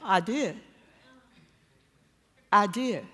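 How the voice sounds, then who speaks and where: A woman preacher telling a personal story in a church sermon, animated and self-mocking, often laughing at herself. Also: medium pitch, extremely slow, slightly rough. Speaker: guest preacher. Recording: long church-hall reverb.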